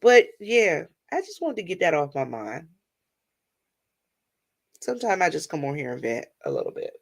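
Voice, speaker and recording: A woman's voice: low-pitched, wildly swooping pitch, moderate pace, creaky. A middle-aged woman, chatting and rambling to her viewers in a casual vlog. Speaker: vlogger. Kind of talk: casual storytelling vent to viewers.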